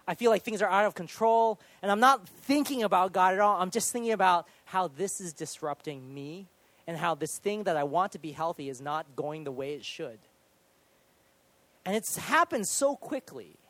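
A man in his thirties preaching a sermon, telling a personal story in an animated, self-deprecating way with sudden loud outbursts. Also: high-pitched, dry recording. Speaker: pastor.

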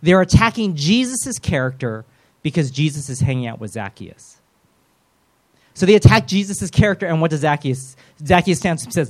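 A man preaching a sermon in a lively, conversational way, with self-deprecating humor and quick role-played voices. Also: on the high side. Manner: animated, acts out voices of biblical figures.

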